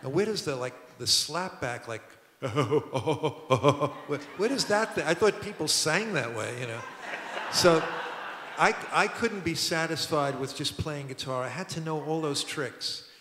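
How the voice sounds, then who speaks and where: A man's voice: on the high side, moderate pace, noisy background. Older New man telling stories in a hall. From Brooklyn, New York. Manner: rambling, animated anecdotes with laughs and restarts. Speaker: record producer guest. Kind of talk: storytelling on a public talk stage. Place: museum auditorium. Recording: roomy hall with long reverb.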